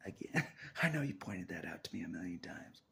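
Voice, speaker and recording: A man's voice: sits low, sing-song, fairly quick, gravelly, bright, forceful tone, a little hiss or hum. A man talking on his own about faith, half-whispering and laughing often as he rambles in a restless, searching way. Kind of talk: rambling spiritual monologue.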